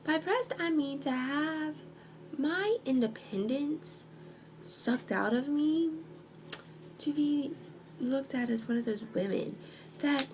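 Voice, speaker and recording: A woman's voice: high voice, noisy background. A young woman talking in a casual video monologue at home, sarcastic and hesitant with many ums. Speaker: vlogger.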